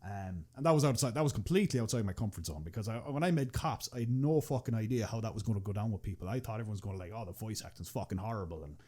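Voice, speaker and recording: A man's voice: lowish voice, lively intonation, very fast, few pauses, a little mellow. A young Irish man chatting casually on a podcast as a guest, rambling with many restarts and fillers and swearing freely. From Ireland. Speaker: podcast guest, machinima creator.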